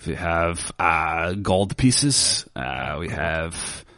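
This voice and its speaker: A shifty captive mage, voiced by a man, stalling with fillers and stiff, broken phrasing. His voice sits low. The sound is close and dry. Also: drawn-out words, pushed and bright, dry recording, full character voice. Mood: evasive. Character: shifty captive male spellcaster, nervous and evasive.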